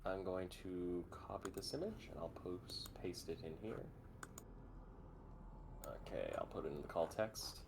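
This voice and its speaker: A man's voice: low voice, a little slow, gravelly, background noise. A man running a tabletop game as game master, chatting and laughing easily with his players over a voice call.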